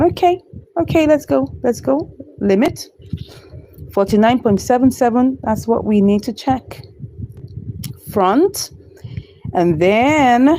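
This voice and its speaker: A woman hosting a trading channel, talking viewers through her numbers step by step and getting excited at her gains. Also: mid-range voice, poor audio. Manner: excitable, cheers and laughs at wins. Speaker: crypto trading channel host. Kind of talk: screen-recorded trading walkthrough.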